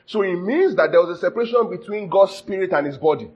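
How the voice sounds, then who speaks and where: A fast-talking preacher with a high, expressive, slightly rough voice works through his sermon word by word. He often checks whether listeners are keeping up, cracking jokes and laughing. The sound is dull and lo-fi.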